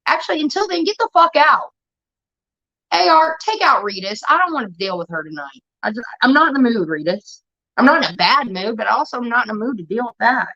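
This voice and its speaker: Woman streamer, higher voice, blunt and profane, chatty with her audience; muffled lo-fi stream sound. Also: very animated, quick pace, bright, forceful tone. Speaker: livestreamer talking to chat. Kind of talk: casual livestream chat.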